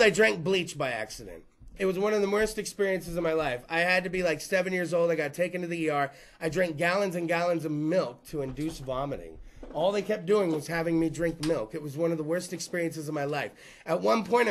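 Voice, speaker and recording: High, gravelly, bright-voiced profane man. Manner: crude, profane, rambling storyteller. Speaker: host. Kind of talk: stand-up style rant to a live room. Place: room with small live audience.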